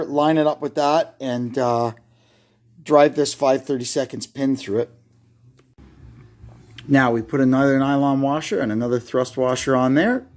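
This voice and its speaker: Recorded by a phone camera set up close by, a man with a slightly high, slightly mellow voice walks through fixing a brake lathe in his garage. His how-to commentary is relaxed and halting, full of fillers as he thinks aloud mid-task.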